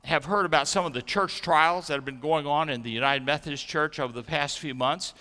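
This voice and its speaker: A middle-aged man preaching a sermon, telling stories gently and then preaching with energy. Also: on the high side, fairly quick. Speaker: pastor. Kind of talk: sermon and children's message. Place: church sanctuary. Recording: echoey church sanctuary.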